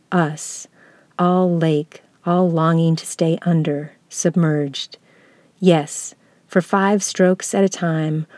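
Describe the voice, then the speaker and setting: Woman lecturer, reflective essay reading, low voice, dry close sound. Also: warm tone, no room sound. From United States. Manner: slow, measured, contemplative delivery.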